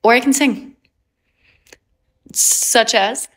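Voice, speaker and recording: A woman's voice: a little high, extremely slow, fairly bright tone. A woman, chatting casually and upbeat on a livestream and laughing often. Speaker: livestream host.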